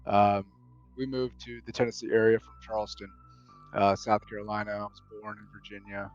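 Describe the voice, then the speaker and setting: A man's voice: lowish voice, fairly even intonation, brisk, lo-fi sound. Easygoing Southern man, rambling chat. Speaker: guest. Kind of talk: casual chat.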